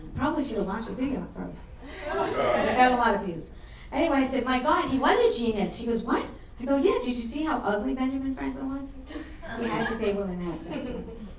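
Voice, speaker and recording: A middle-aged woman performing a crude stand-up comedy set on a club stage, delivering brash deadpan punchlines. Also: on the high side, fast talker, far from the mic, a crowd in the background. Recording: roomy club sound from afar, audience laughter.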